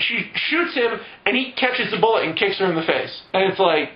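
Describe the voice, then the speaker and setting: A man's voice: high voice, animated, normal speed, hardly any pauses, lo-fi sound. A young man recapping a story in a rambling, profane comic way, acting out characters in silly voices. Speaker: comedic recapper. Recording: echoey room with music behind.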